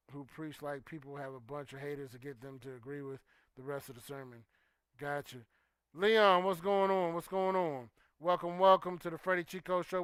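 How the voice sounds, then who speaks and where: A man hosts a casual chat show, talking loosely and trailing off into soft "you know"s between points. His voice is bright, crisp and a little higher than usual for a man. The sound is dry and close. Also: no echo. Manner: relaxed and conversational, with frequent "you know" and "um", trailing off quietly. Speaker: host of a livestream talk show. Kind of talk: casual chat, reading and answering viewer comments.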